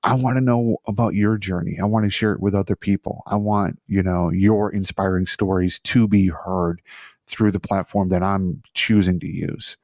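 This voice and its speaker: Low gravelly-voiced man hosting a podcast. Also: fairly even intonation, normal speed, darkish tone, no room sound, clean studio sound. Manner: rambling, self-deprecating, chatty with frequent restarts. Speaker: podcast host. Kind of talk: casual solo podcast talk. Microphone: studio microphone on an arm.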